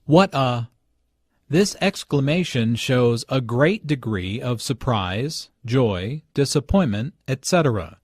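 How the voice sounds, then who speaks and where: A man's voice: medium pitch, lively intonation, darkish tone, husky, no room sound, clean studio sound. A man narrating language notes for an English lesson in an explaining tone. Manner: slow, explaining tone. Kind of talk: scripted narration.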